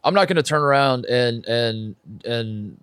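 A man's voice: mid-range voice, lively intonation, measured pace, fairly bright tone, clean tone, dry recording, studio quality. A man co-hosting a casual sports talk show, loose and joking, often restarting his sentences. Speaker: co-host.

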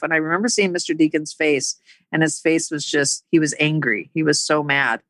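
Halting, earnest middle-aged woman. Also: low voice, fairly bright tone, dry recording, poor audio. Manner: halting, with many pauses and fillers; earnest and emotional. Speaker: woman sharing her life story. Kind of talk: personal storytelling.

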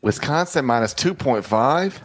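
Man, put-on Australian accent, lively swooping pitch, playful podcast banter. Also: a little slow, soft background music. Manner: animated storyteller, playful banter. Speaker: podcast co-host. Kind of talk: casual sports podcast chat.

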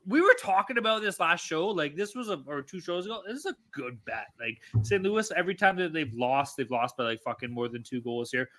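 A man's voice: a little high, lively intonation, brisk, few pauses, sharp tone. A man co-hosting a sports-betting podcast, ranting in casual chat and swearing constantly. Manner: profane, ranting, exasperated. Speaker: podcast co-host.

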